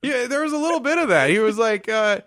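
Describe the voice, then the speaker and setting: A man's voice: very high-pitched, expressive, quick pace, a bit bright, no room sound, clean studio sound. A man telling a crude story in casual chat, sarcastic and profane, often putting on the voices of the people in it.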